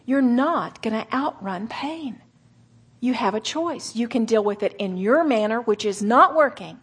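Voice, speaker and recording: Husky-voiced woman preaching earnestly. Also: fairly high pitch, animated. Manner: earnest, with slow emphatic phrases and soft whispered asides. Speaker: speaker at a women's gathering. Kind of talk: sermon.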